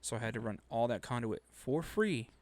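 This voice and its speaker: Gravelly-voiced man telling a profane story. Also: medium pitch, expressive, normal speed, darkish tone, no echo. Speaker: podcast co-host. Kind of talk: casual storytelling chat.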